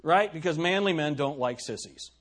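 A man's voice: a little high, animated, normal speed, a bit bright. A male pastor preaching a sermon, emphatic, putting questions to the congregation and reading scripture aloud. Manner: reads scripture in old-fashioned wording.

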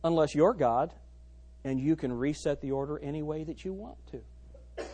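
A male pastor delivers a sermon, his voice fairly high and his pace normal, alternating between loud, emphatic lines and quiet, hushed ones.

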